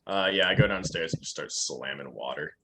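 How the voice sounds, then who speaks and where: A man's voice: a bass voice, brisk, bright, forceful tone, a little hiss or hum. A man playing a tabletop game in a crude, laid-back way. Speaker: player. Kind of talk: casual tabletop play.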